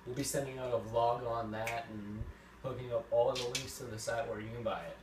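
A man's voice: mid-range voice, fairly even intonation, a little fast. Teen guy, interviewer, dry short remarks, roomy echo, off-mic. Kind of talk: casual chat. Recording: roomy, distant, faintly noisy.

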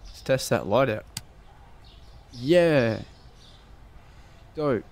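A man's voice: mid-range voice, expressive, extremely slow, darkish tone. A man giving casual gameplay commentary, swearing constantly and muttering prices as he counts change. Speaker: gaming channel host.

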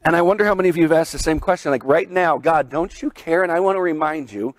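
A man preaching a chapel sermon to middle schoolers, telling a lively story with frequent laughs. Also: on the high side, very fast, no echo. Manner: storytelling, animated, laughs often. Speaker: pastor.

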